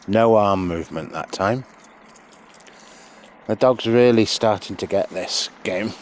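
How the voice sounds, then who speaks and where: A man training a sheepdog out in a sheep field, calmly explaining each step and breaking off to call the dog in a high, loud voice. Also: takes it slowly, pauses often, slight background noise. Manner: relaxed explaining, broken by high shouted calls to the dog. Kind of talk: outdoor training demonstration with commentary.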